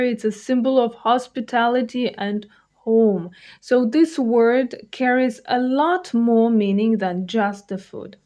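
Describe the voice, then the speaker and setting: Slow, patient Russian-accented woman teacher. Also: fairly high pitch. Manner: patient, repeats each word slowly. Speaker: language teacher. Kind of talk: slow, clear vocabulary lesson.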